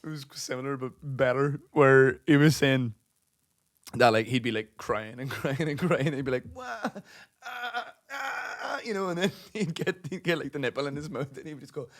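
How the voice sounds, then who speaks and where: A man's voice: medium pitch, a little fast, dry recording, studio quality. Sweary laughing man. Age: 30s. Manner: rambling, sweary, laughs through stories. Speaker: podcast co-host. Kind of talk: casual chat.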